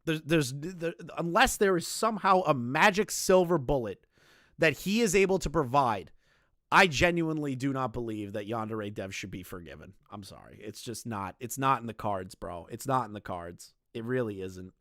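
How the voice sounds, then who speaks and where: A man's voice: mid-range voice, normal speed, a bit bright, no echo, clean studio sound. A young man streaming live, ranting bluntly with lots of swearing and repeated phrases.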